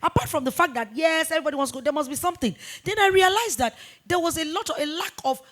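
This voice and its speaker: High-voiced emphatic businesswoman. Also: fast talker. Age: 40s. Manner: emphatic, animated storytelling with repetitions. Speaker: business founder and guest. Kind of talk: fireside chat interview.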